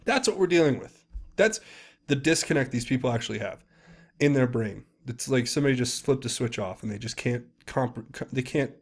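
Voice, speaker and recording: A man hosting solo political commentary, reading posts aloud in a casual, rambling, emphatic way with many fillers and restarts. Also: medium pitch.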